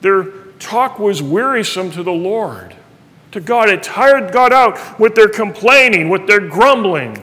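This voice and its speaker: Middle-aged male pastor, high-pitched, earnest sermon delivery, reverberant church hall. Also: animated, measured pace, sharp tone. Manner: earnest preaching, reading scripture aloud.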